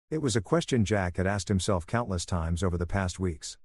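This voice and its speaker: Low-voiced man narrating a story. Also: lively intonation, moderate pace, hardly any pauses, dry recording, clean studio sound. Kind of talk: scripted narration.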